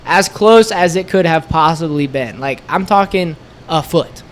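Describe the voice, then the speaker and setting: A man sits as a podcast guest and tells a long, animated story. His voice sits a little high for a man, and he keeps slipping into the voices of the people in it, stringing everything together with "like.". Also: a little slow. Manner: animated, acts out quoted voices, lots of "like". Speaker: podcast guest, store co-owner. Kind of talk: casual storytelling.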